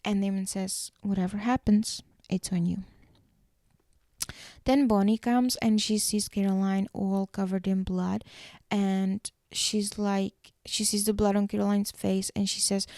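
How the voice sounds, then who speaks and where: A woman hosting a podcast, recapping a TV episode in casual chat and acting out the characters' lines in quick, shifting voices. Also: mid-range voice, level tone, a little mellow, no room sound, clean studio sound.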